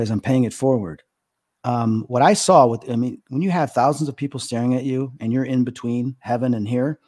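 A man in his fifties with a mid-range, warm voice appears as a psychic medium guest on a podcast interview. He tells stories earnestly and emotionally, using lots of fillers.

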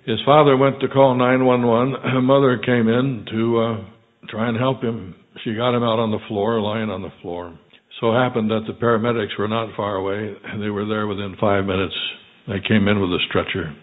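A man's voice: lowish voice, fairly even intonation. Older male preacher, tinny phone-like audio. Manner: measured storytelling with frequent throat clearing and dropping volume. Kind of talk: sermon storytelling.

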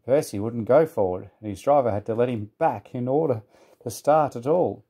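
A man reading a children's storybook aloud in a calm, even manner. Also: mid-range voice, normal speed, husky.

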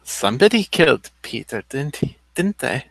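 A man's voice: mid-range voice, sing-song, normal speed, no room sound. A man putting on a sultry Russian hostess. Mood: coaxing. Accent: put-on Russian. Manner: teasing, coaxing, calls everyone darling. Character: sultry Russian woman, flirtatious nightclub hostess.

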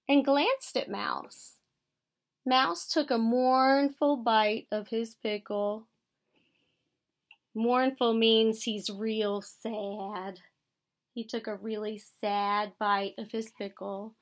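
An American woman teacher reading a picture book aloud to children, gently explaining words as she goes. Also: fairly high pitch, very slow. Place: school.

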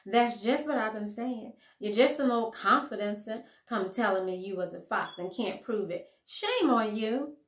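A woman's voice: mid-range voice, a little slow, lightly acted. A woman voicing a sassy, unimpressed young country girl who talks in a blunt, folksy, matter-of-fact way, heard in an echoey room.

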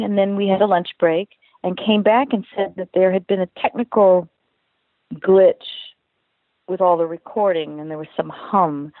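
An older woman, a singer and voice actress, telling stories as an interview guest over the phone in a chatty, lively way. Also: on the low side, no room sound. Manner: chatty, storytelling, animated quotes. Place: home in California. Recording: dry tinny phone line.

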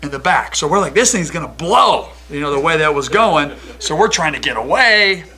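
A man, a basketball head coach at a postgame press conference, telling a story with many fillers and loud acted-out quotes. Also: fairly high pitch, moderate pace. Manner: animated storyteller, acts out quotes loudly.

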